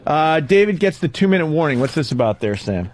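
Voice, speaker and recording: A male radio host who steers the segment with brash, crude banter. His voice moves a lot and sits a bit high. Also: sing-song, fairly quick.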